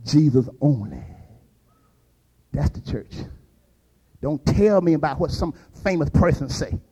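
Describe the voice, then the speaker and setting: An older man preaching a fervent sermon, dropping to quiet asides and rising to shouted peaks. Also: fairly high pitch, expressive, unhurried, long pauses, breathy edge, low-quality recording.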